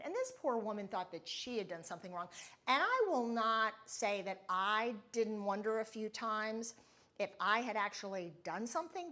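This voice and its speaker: A woman's voice: medium pitch, pushed and bright. A middle-aged woman hosting a podcast, telling a personal story in a candid, confiding and reflective way. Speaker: podcast host.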